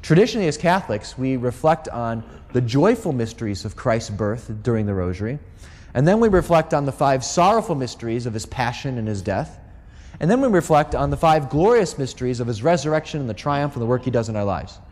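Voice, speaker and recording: A middle-aged American man speaks to a live audience at a Catholic gathering, with a mid-range voice. He is a lively storyteller who slips into the voices of the people in his stories. His words trail off into the long reverb of a large hall. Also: medium pitch, fairly quick. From United States.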